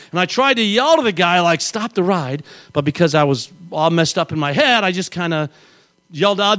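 A middle-aged male pastor delivers a sermon built around a funny personal story. His voice sits high and moves all over the place. He is an animated storyteller who acts out the people he describes. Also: a little fast.

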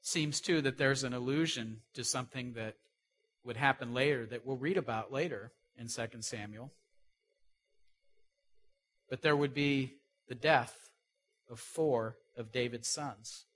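Bright-voiced male preacher. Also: mid-range voice, measured pace, long pauses. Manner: asks the listeners rhetorical questions; stresses key words, swings between loud and soft. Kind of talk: sermon.

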